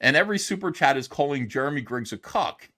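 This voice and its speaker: A man's voice: medium pitch, lively intonation, fast, sharp tone. A middle-aged man streaming commentary, ranting with profanity and lots of fillers. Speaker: streamer reacting to a video. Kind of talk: casual livestream commentary.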